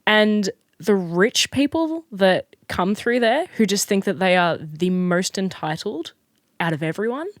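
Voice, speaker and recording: Chatty young Australian woman, lively pitch. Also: unhurried, no room sound, clean studio sound. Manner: chatty, animated storyteller with frequent fillers and restarts. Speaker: podcast guest. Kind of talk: casual chat.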